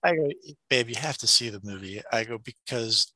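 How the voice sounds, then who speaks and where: A middle-aged man chatting casually as a podcast co-host, an animated storyteller who laughs often and acts out quotes. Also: mid-range voice, normal speed, no room sound. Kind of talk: casual chat.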